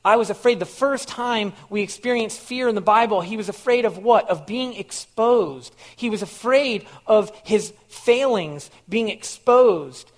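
A man's voice: high-pitched, measured pace, few pauses. A male pastor preaching a sermon in an earnest way, repeating phrases and putting questions to his listeners.

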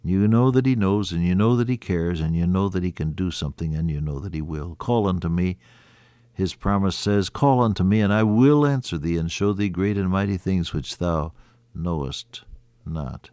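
A man preaching an earnest sermon, quoting scripture in old-fashioned wording and rising, then dropping to a hushed voice. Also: deep voice, moderate pace, dry recording. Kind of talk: radio sermon.

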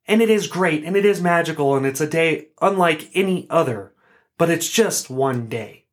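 A man hosting a podcast on his own, talking in an earnest, chatty way and often restarting or correcting himself. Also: on the high side. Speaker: podcast host. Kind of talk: solo podcast talk, casual.

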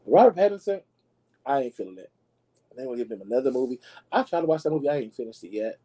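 A man hosting a podcast and dishing celebrity gossip in a sassy, dramatic way, calling his listeners y'all and jumping into high squeals to make a point. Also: very animated, fast talker, mellow, breathy edge, low-quality recording. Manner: swoops into high squeals for emphasis. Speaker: podcast host. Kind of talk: casual gossip commentary.

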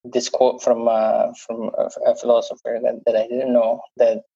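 A man with an Italian accent, a panel guest answering in a halting way with many fillers. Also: mid-range voice, completely flat delivery, vocal fry, dark tone, husky, dull audio.

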